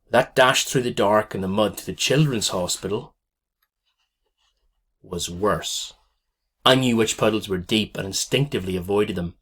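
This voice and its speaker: A man's voice: lowish voice, fairly bright tone. Man narrating a tense story. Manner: tense, dramatic reading. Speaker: audiobook narrator. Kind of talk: scripted first-person story narration.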